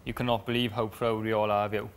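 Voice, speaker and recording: Young man reading a letter flatly. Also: on the low side. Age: young adult. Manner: flat, halting, stumbles over words. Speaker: reality show contestant.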